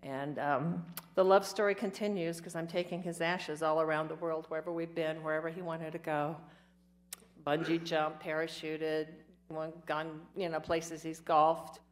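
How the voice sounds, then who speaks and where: A woman's voice: deep voice, flat delivery, moderate pace. A woman sharing her personal recovery story at a meeting, rambling and emotional, acting out what others said to her. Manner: rambling, emotional storytelling that acts out quoted voices.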